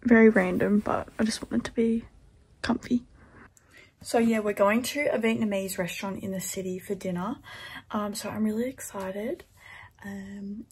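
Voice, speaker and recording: A woman's voice: medium pitch, normal speed, a little mellow, husky. A woman in her twenties talking casually to the camera in a vlog, chatty and blunt, swearing freely. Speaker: vlogger.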